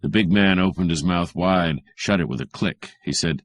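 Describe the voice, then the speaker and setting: A man reading a hardboiled crime story aloud as an audiobook narrator, in a measured, even manner. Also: deep voice, dry recording, studio quality.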